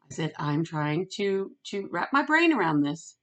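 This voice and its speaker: A middle-aged woman ranting in a storytime vlog, retelling a phone call and quoting both sides with lively emphasis. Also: fairly low pitch, unhurried. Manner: animated, retells phone calls with quoted voices. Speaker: vlogger.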